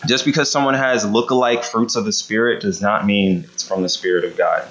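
A man preaches in a loose, conversational way, often stopping to ask his listeners "right?" His voice sits fairly low, and the recording sounds dull and lo-fi. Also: fairly even intonation, fairly quick, a crowd in the background. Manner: casual, asks the room "right?" often. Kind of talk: conversational sermon.

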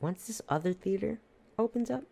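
Someone mimicking a shrill, indignant older woman. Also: animated, normal speed, vocal fry, dark tone. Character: demanding older woman moviegoer.

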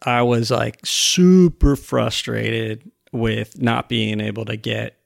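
A man's voice: medium pitch, steady tone, takes it slowly, creaky, no room sound, clean studio sound. A man speaking as a podcast guest in casual conversation, rambling with lots of fillers and acting out what people said to him. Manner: rambling, filler-heavy, retells dialogue.

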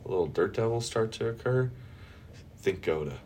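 A man's voice: on the low side, lively intonation, moderate pace, darkish tone, slight background noise. A young man hosting a podcast, chatting casually, joking and swearing a lot. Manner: swears freely, jokey. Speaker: podcast host. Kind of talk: casual chat.

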